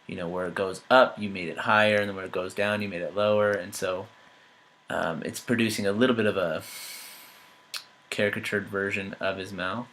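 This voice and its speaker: A man giving an art critique, talking through changes thoughtfully with many pauses, fillers and restarts. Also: on the low side, fairly even intonation, a bit bright, slight background noise, rough recording. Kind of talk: painting critique while editing on screen.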